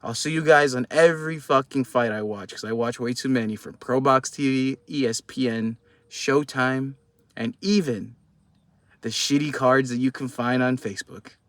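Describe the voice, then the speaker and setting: A man's voice: mid-range voice, moderate pace, fairly bright tone, dry recording. Profane, heated young man vlogging boxing. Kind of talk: casual post-fight commentary.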